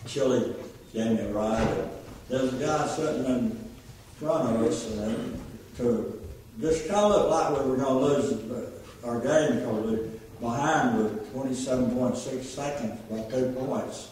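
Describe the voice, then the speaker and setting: A man's voice: mid-range voice, measured pace, a little mellow, a little hiss or hum. An older man gives an informal, folksy sermon full of plainspoken stories, as a lay preacher in a church. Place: church sanctuary. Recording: echoey church from far off.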